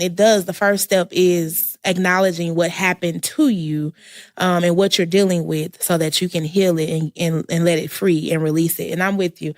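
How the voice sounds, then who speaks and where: A woman's voice: lowish voice, no room sound, clean studio sound. A woman in a candid panel conversation who speaks openly and personally and laughs easily, recorded indoors at a community center. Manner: open and personal, laughs readily.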